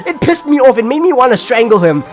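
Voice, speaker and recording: A young man from South Africa telling a story casually in an animated way, swearing and laughing at himself. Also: extremely high pitch, quick pace, music in the background. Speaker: gaming video creator.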